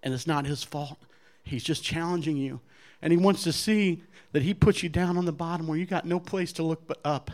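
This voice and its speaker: A man giving an earnest personal faith testimony to an audience, animated as he acts out other people's lines, with frequent restarts. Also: fairly high pitch, fairly quick. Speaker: guest speaker giving testimony.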